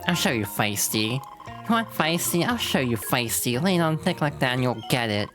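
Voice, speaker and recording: Woman putting on a haughty young princess, scornful, curt, game voice, low. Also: sing-song, normal speed. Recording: game music playing behind.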